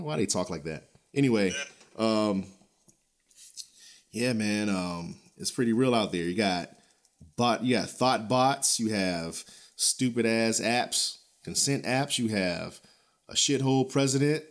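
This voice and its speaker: A man at middle pitch hosts a casual podcast and rants bluntly, swearing freely and chuckling as he goes. His delivery is loose and rambling, full of restarts and fillers, and it swings between heated and offhand. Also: measured pace. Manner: blunt, profane, animated ranting with frequent chuckles. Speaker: podcast host. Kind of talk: casual ranting podcast commentary.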